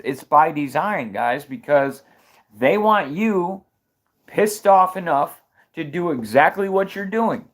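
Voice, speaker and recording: Male streamer with a somewhat high voice, heated opinion talk, keeps restarting his sentences. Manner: fired-up, rhetorical questions, restarts mid-sentence. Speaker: livestream commentator. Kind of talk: opinionated livestream commentary.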